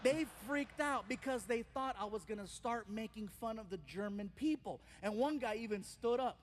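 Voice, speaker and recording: Male stand-up comic, very high voice, lively storyteller who acts out characters. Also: normal speed, background noise. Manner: animated, acts out characters in his stories. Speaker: stand-up comedian.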